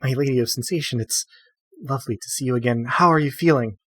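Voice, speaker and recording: A man voicing a flustered, eager young woman attendant in a tabletop game, speaking in halting, hesitant phrases. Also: medium pitch, a bit bright, slightly rough, no room sound.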